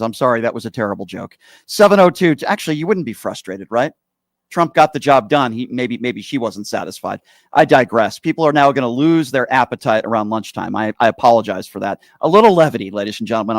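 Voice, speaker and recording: A man's voice: mid-range voice, dry recording, clean studio sound. A man hosting a political call-in show, talking bluntly and sarcastically, fired up. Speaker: radio show host.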